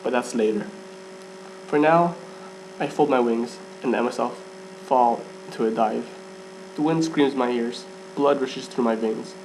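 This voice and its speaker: A man's voice: medium pitch, a little slow, pauses often, darkish tone, a little hiss or hum, rough recording. A man reading a first-person fan story aloud, often stumbling and restarting lines and laughing at his own slips. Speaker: fan fiction reader.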